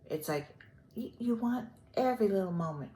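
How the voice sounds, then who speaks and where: An older woman from the Gulf Coast of Texas, rambling through a personal vlog with many pauses and fillers. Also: medium pitch, lively intonation, dark tone, reverberant. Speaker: vlogger.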